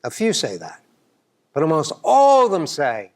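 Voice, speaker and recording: A man's voice: fairly high pitch, huge pitch swings, normal speed. A middle-aged man from New York, a writing professor giving an earnest, hesitant symposium talk full of ums and restarts. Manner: earnest, hesitant, many ums and restarts, leans into quoted dialogue. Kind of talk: academic conference talk.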